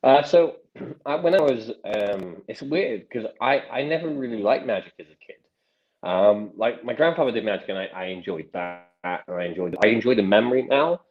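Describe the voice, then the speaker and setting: A man's voice: on the low side, animated, normal speed, highs cut off. A man in his thirties, a magician guest, telling stories in casual interview chat with many restarts and acted quotes.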